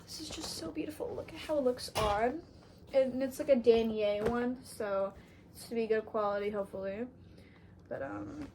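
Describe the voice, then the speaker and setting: A woman's voice: on the high side, slight background noise, poor audio. A young woman from Canada chatting casually in a haul vlog, bubbly and gushing, full of "like" fillers. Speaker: thrift haul vlogger.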